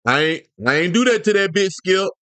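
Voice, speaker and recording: A man's voice: sits high, lively intonation, a little fast, pushed and bright, clean tone, no echo. A man doing an impression of a boastful ex-athlete sports pundit who whines and drawls as he talks to his co-host. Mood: whining.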